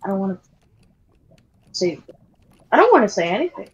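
A woman's voice: mid-range voice, sing-song, moderate pace, poor audio. A woman telling a rambling story in casual chat while gaming, full of fillers and restarts. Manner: rambling, giggly, repeats filler words.

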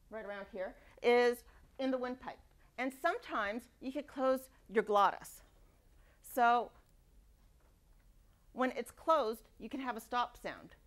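A woman giving a university lecture, lively and demonstrating speech sounds aloud. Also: a little high. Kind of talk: classroom lecture. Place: lecture hall.

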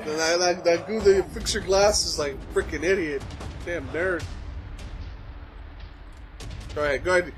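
A man hosting a casual anime reaction, excitable, swearing and yelling at the screen. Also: fairly high pitch, moderate pace, music in the background.

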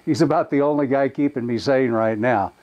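A man's voice: medium pitch, a little fast, highs cut off. An older man recording a dry, self-mocking comedic video message.

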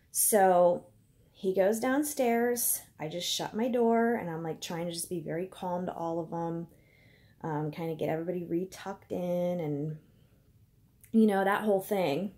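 Indoors at home, a vlogger in her thirties shares a personal story in a casual, chatty way, full of fillers, acting out what people said. Her voice is lowish, mellow, and a little slow.

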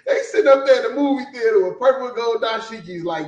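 A man hosting a podcast, talking in casual, profane, animated commentary and laughing often. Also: extremely high pitch, fast, echoey room. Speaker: podcast host.

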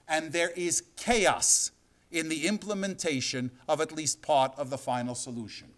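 A middle-aged man giving a university history lecture, dramatic, acting out quotes as he goes. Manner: dramatic, acts out quotes with sweeping pitch.

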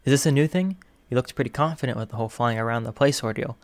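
Brief: a man playing a cheerful, booming male hero teacher, kind and eager, for a fan fiction audiobook. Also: fast talker, no room sound, natural voice. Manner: eager, reassuring, bursts of loud excitement. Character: upbeat loud male teacher hero, gentle and encouraging.

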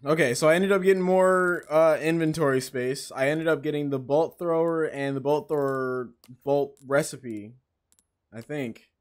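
A man giving casual let's-play commentary, excitable, swearing and reading game text aloud. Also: on the high side, normal speed. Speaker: gaming channel host.

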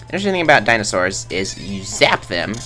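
A man's voice: fairly low pitch, sing-song, fairly quick, pushed and bright, faint music behind. A man rambling through casual game commentary in a goofy, self-mocking way, tossing in silly sound effects. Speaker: let's play host.

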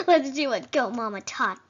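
A woman doing let's-play commentary on a video game, excitable, dramatic and easily flustered. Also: high-pitched, slow, slight background noise. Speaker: gaming video creator. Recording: dull lo-fi recording.

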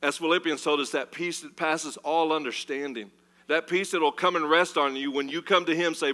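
Bright-voiced animated male preacher. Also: on the high side, normal speed. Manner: animated preaching, swings between loud and hushed. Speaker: pastor. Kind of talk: sermon. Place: church.

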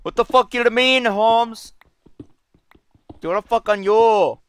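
A man putting on a joking accent voice, pitched up and exaggerated. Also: a little slow, clear, resonant tone. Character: brash man in a put-on joke accent.

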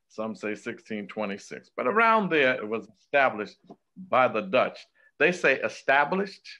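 A man's voice: medium pitch, pushed and bright. A man, a state assembly member, giving impassioned, emphatic testimony and reading a prepared statement at a remote hearing. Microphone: remote video call. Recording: dull lo-fi remote call audio.

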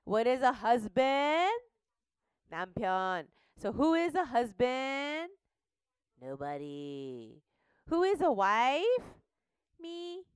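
A woman teaching a Bible lesson to young children, asking questions and having them repeat words slowly. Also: fairly high pitch, smooth, no echo, clean studio sound. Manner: animated, slow and questioning, prompts children to repeat. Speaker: Sunday school teacher. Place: studio.

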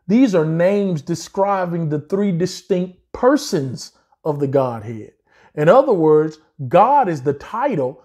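A man giving a sermon-style Bible teaching, emphatic and repetitive, slowing down to stress key words. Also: high voice, darkish tone.

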